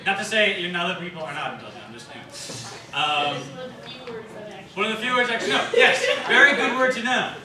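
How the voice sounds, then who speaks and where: A young man tells a comic story on a convention panel, rambling and laughing as he goes, his voice high and lively. He sounds echoey and far off in a noisy room. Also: fairly quick, a crowd in the background. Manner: rambling, laughing often, acts out quotes. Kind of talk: casual comedic storytelling. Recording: echoey hall, distant mic, noisy.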